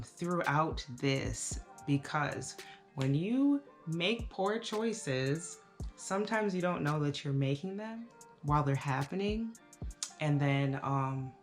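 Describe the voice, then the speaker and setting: A woman in her thirties giving a casual, reflective life update to camera, talking slowly with many fillers. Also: low voice, faint music behind. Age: 30s. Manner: relaxed, reflective, with frequent fillers. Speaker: vlogger.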